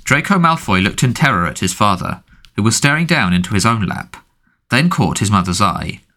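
Expressive low-voiced male audiobook narrator. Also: brisk. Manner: expressive storytelling. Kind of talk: scripted narration.

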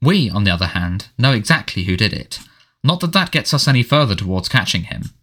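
A man voicing a harried middle-aged male wizard minister who sounds defensive and fretful, talking quickly and pleadingly. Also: on the low side, very animated, fairly bright tone.

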